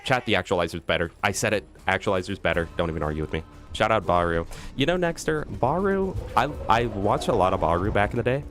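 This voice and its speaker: Guy streaming a game and ranting, voice jumps all over, talks to chat. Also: on the low side. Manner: ranting, animated, mocking impressions. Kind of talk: live gameplay stream chat. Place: loud room.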